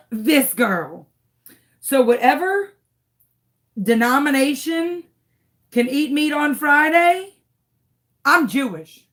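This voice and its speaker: A woman's voice: high voice, animated, slow, long pauses, a bit bright. A woman telling a story to camera in a dramatic, exasperated way. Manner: dramatic, exasperated, swings into shrieks. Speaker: crafting channel host.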